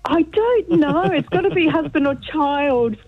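High excitable woman caller. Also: a little slow, narrow, tinny audio, crowd noise. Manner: excitable, laughing. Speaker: caller, contest winner. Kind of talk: live radio phone call.

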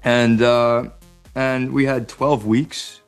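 A man with an American accent talks easily as an interview guest, frank and quick to poke fun at himself. His mid-range voice carries a gravelly edge, with faint music underneath. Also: medium pitch, flat delivery. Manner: candid, self-mocking humor. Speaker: actor guest. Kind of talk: casual interview chat.

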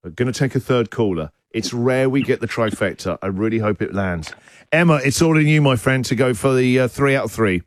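A man's voice: medium pitch, animated, no echo, studio quality. A man hosting a radio show, chatting with callers in a jokey, teasing way. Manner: jokey, teasing, quick banter. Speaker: radio breakfast host. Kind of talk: lively radio chat with callers. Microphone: studio microphone.

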